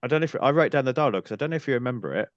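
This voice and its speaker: A man, a podcast guest talking about a film in a relaxed way with dry humour. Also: mid-range voice, rapid-fire, dry recording, muffled recording. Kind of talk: casual film discussion.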